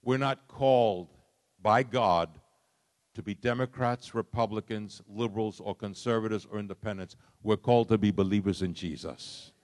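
A middle-aged man preaching a sermon, swinging from soft, low lines to loud, impassioned ones. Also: normal speed. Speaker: pastor.

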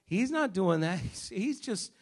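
A man preaching a sermon in church as pastor, emphatic, swinging between shouts and hushed asides. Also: high-pitched, sing-song, a little slow, slightly rough. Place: church service.

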